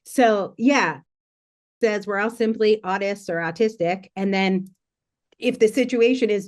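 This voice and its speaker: An American woman talks casually in a panel discussion. She's chatty and animated, and her speech is full of "like" and quick asides. Her voice sits at an ordinary middle pitch. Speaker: guest speaker.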